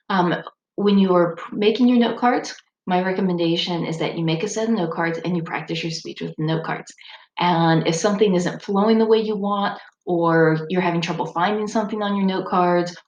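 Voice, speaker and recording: A woman's voice: lowish voice, lo-fi sound. A woman speech instructor giving a recorded lecture in a conversational, explanatory way, with occasional ums. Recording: roomy echo with faint background noise.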